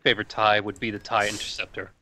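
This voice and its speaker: A man's voice: on the low side, flat delivery, fast talker, sharp tone, a little hiss or hum. A man musing about games in a casual chat over a voice call.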